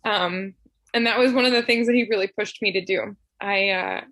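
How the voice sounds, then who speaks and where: Soft-spoken woman sharing heartfelt memories. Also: medium pitch, normal speed, no echo. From Tennessee. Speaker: memorial speaker. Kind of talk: heartfelt personal remembrance.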